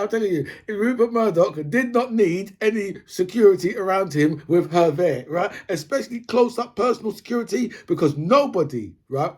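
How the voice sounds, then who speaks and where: Husky man ranting, "right?" after everything. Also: sits high, darkish tone. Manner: rambling, says "right?" constantly. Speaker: video commentator. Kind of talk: casual opinion monologue.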